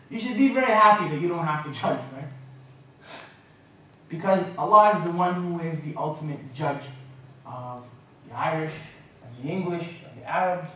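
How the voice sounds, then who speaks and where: Canadian-raised man lecturing in an echoey hall. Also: fairly high pitch. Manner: lively, humorous, mimics accents. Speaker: guest speaker. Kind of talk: lecture with jokes. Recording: echoey hall, mic from a distance.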